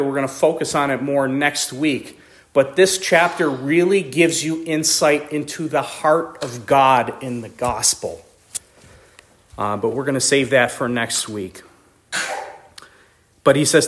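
A man preaching a sermon, reading scripture slowly and pushing his voice up high for emphasis before dropping it low and quiet. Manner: reads scripture slowly in old-style wording.

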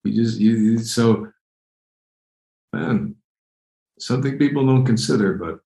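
A man's voice: medium pitch, animated, unhurried, dark tone, reverberant, rough recording. A man preaching a conversational, emphatic sermon, often repeating phrases as he explains Bible verses. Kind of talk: expository sermon.

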